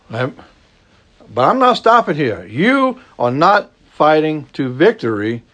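A Cajun man from the American South preaches with a lively, swooping voice that climbs high on each push and sinks low and hushed to land a point. He speaks slowly and deliberately and keeps circling back to his key phrases. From Southern United States. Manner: emphatic preaching, repeats key phrases, drops to a low slow hush for stress. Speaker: pastor. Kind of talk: sermon.

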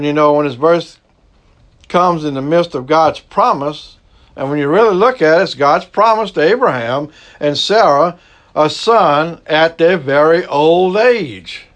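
Pastor preaching folksy and loose. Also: male voice, on the high side. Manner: folksy, conversational preaching with Southern turns of phrase. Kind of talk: sermon.

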